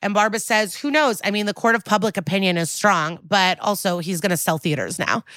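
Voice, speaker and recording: A woman co-hosts a podcast, recapping an episode in a chatty, wry way and acting out the quoted lines. Her medium-pitched voice is brisk and fairly bright, and the recording is dry.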